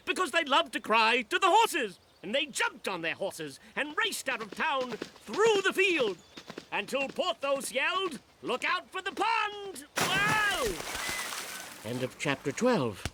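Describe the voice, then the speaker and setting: A bashful male hippo, bouncy swooping voice, bright tone, stammery, cartoon. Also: very high voice, unhurried, slight background noise, heavily acted. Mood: theatrical. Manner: bashful, stammering, easily flattered, theatrical when reading aloud.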